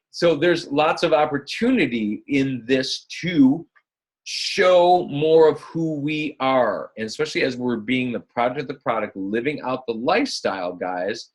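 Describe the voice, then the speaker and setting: A man's voice: mid-range voice, husky. A man leading a live online coaching call in an upbeat, chatty way, often calling his listeners guys. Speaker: fitness business coach.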